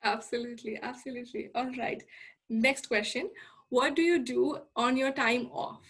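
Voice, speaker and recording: A woman's voice: high-pitched, measured pace, fairly bright tone. A woman hosting an interview show over a video call, upbeat and encouraging as she introduces segments and asks questions. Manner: upbeat, encouraging, many you-knows. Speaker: podcast host.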